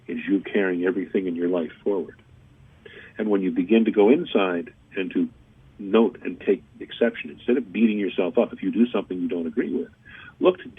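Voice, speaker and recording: A man, a guest on a radio show, giving calm spiritual advice straight to listeners. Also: low-pitched, breathy edge, dry recording. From Canada. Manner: calm, coaching, speaks directly to listeners. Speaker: guest channeller. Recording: dry phone-line audio.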